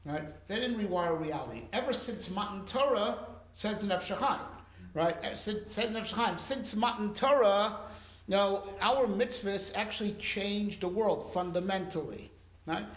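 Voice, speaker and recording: A man's voice: high-pitched, moderate pace, fairly bright tone, roomy sound. A man, a rabbi, teaching a Torah class and explaining with rhetorical questions and lots of fillers.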